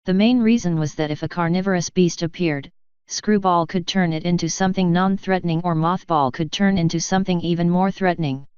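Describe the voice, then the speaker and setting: A woman narrates a story in a steady storybook reading with a low, very clear voice. The recording is dry and close. It sounds a little muffled. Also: fairly quick, no room sound. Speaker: fanfiction reader.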